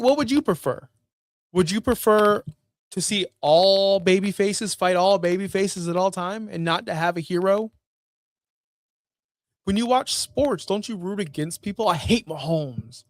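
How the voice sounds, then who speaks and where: Male host, casual rant commentary, blunt and exasperated, higher voice, dry sound. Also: no echo. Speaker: wrestling show host.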